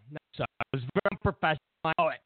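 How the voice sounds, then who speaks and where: A man's voice: fairly high pitch, expressive, fast. A man hosting a talk show, ranting sarcastically in a rambling, comedic way with lots of restarts. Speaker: host. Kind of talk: casual comedic rant. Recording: tinny phone-like line, dry.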